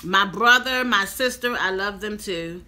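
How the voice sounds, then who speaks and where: A woman's voice: mid-range voice, a little slow, bright, forceful tone. A woman in her fifties telling a personal story to her viewers in a chatty vlog. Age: 50s. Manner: chatty, addresses viewers directly. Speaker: vlogger.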